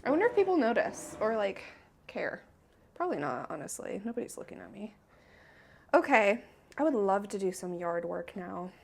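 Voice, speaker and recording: A woman's voice: medium pitch, sing-song, normal speed, gravelly, a little hiss or hum. A woman vlogging her day at home and on a walk, chatty and cooing to her dogs, speaking into a small clip-on microphone. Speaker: vlogger, small business owner. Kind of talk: casual day-in-the-life vlog.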